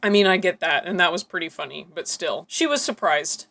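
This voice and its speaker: A woman's voice: fairly low pitch, expressive, fairly quick, vocal fry, fairly bright tone, slight background noise. Profane, giggly woman reacting to clips. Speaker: reaction video host. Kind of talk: casual reaction commentary.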